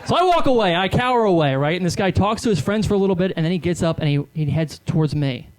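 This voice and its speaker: A man's voice: high voice, animated, fast talker, darkish tone. Self-deprecating stand-up man in his thirties. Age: 30s. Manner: rambling, self-deprecating storytelling with fillers. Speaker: stand-up comedian. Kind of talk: stand-up comedy. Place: comedy club stage.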